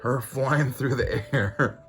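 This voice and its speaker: A man's voice: mid-range voice, takes it slowly, a bit bright, soft background music. A man casually reviewing a comic book, rambling with lots of fillers and frequent chuckles. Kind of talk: casual commentary.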